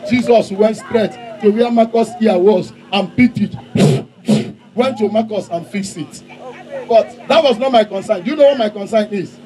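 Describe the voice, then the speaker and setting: A man preaching fiercely and leading an altar-call prayer, shouting out lines for the crowd to repeat. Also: sits high, normal speed. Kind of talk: fiery crusade sermon and altar-call prayer. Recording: noisy open-air crusade with crowd.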